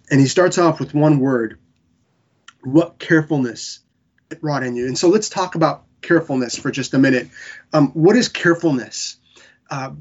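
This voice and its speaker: An earnest man preaching a Bible-teaching sermon in a slightly high, husky voice. He pauses, restarts and piles up words while sounding emotional. The recording is somewhat muffled and lo-fi. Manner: earnest, halting, with many restarts and fillers.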